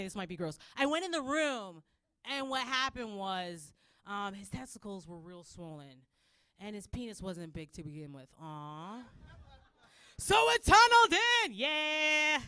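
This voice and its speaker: A young Canadian woman with a Canadian accent doing a loud, animated stand-up set, acting out characters and laughing often. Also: a little high, measured pace, clean tone, no room sound. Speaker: stand-up comedian.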